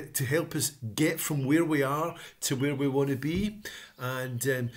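A man speaks to camera in a relaxed vlog, warm and encouraging in tone. His pitch sits mid-range for a man, and he often pauses on an "um" before pressing on with upbeat enthusiasm. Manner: upbeat and encouraging, pausing with frequent ums. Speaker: motivational vlogger. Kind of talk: casual talk to camera.

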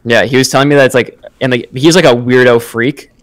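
Young guy rambling thru a story on a podcast, lots of like and bro, regular pitch. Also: fairly even intonation, fast talker. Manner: rambling storyteller, heavy filler words, slangy. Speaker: podcast co-host. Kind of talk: casual chat.

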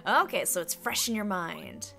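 A woman's voice: lowish voice, expressive, normal speed, creaky, pushed and bright, soft background music. A woman streamer chatting casually through a game, chatty and exclamatory with frequent giggles.

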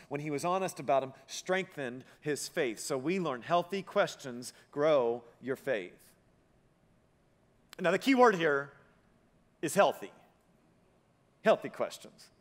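Male pastor, higher voice, humorous conversational sermon; hall reverb. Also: fairly bright tone. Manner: humorous, conversational preaching with audience asides. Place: church auditorium. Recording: long reverb of a church hall.

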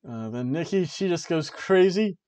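A man hosting a wrestling review show, talking in an animated, chatty way with offhand asides. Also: on the high side, normal speed. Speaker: wrestling review podcast host. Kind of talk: casual chat.

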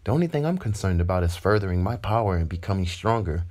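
A man's voice: low voice, lively intonation, fast talker, a little mellow. A man voicing an earnest, flustered teenage boy hero.

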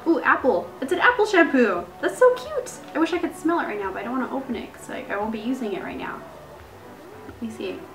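A young woman vlogger chatting casually as she unboxes beauty gifts, gushing and excited. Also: medium pitch. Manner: bubbly, gushing, lots of "like" and "so cool". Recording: echoey room with faint music.

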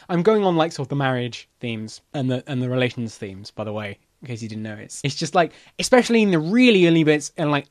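Chatty man, slightly high voice. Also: no echo, studio quality. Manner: enthusiastic, chatty, cheeky. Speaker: vlogger. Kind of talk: casual book review.

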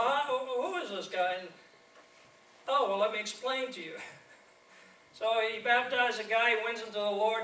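High, bright-voiced preaching evangelist man. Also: slight background noise. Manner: storytelling preacher, lively and laughing. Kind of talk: sermon. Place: church sanctuary. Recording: echoey church from a distance.

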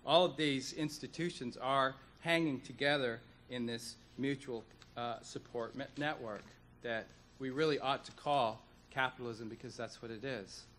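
Bright-toned man giving a deliberate conference speech. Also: medium pitch, slight background noise. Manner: earnest, deliberate lecturing with emphatic repetitions. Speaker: economist speaker. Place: conference hall.

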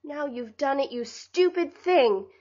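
A spoiled teenage girl from a storybook snaps back pertly in a high, sharp voice, put on by a woman narrator. She has a quick temper and a sulky edge. The audio is a bit muffled. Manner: pert, snappish. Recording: slightly dull lo-fi audio.

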